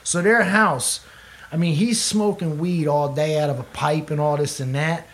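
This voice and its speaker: This guest musician is a young man whose slightly high voice stays fairly even in intonation at a normal speed. In the casual conversation he swears freely, rambles as he tells stories, and laughs a lot.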